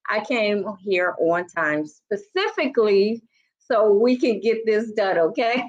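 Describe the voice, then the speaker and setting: Unhurried, slightly hoarse older woman. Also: mid-range voice, expressive. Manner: greets viewers by name, chatty. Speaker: livestream host. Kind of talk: casual livestream chat. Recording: dull lo-fi livestream audio.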